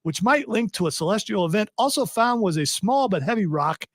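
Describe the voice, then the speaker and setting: A man's voice: sits high, expressive, fairly quick, no room sound, studio quality. A man hosting a radio talk show, joking and rambling while reading news items. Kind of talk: casual radio banter. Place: radio studio. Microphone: studio mic.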